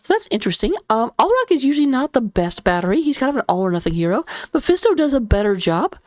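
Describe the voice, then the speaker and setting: A fairly high-voiced woman commentating a live video game match into a close mic. She jokes around between plays and her voice leaps upward whenever something exciting happens. The sound is dry and close, with no room around it. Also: fast, no room sound. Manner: playful, jokey, with sudden excited jumps in pitch. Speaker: esports caster.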